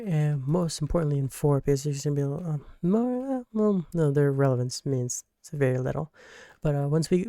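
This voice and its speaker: A gaming YouTuber giving a casual, rambling game recap, full of fillers and quickly acting out the characters' lines. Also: medium pitch, warm tone, no room sound, studio quality.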